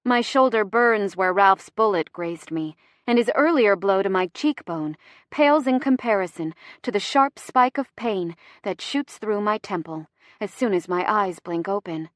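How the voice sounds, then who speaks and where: A woman giving an expressive, dramatic first-person reading of a romance audiobook. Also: medium pitch, unhurried, dry recording, clean studio sound. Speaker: audiobook narrator.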